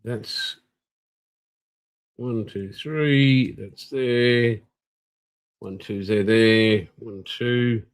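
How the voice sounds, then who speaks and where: A man's voice: fairly low pitch, extremely slow, long pauses, smooth, rough recording. An older Australian man, tired, hosting a live stream and rambling casually while greeting viewers. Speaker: livestream host.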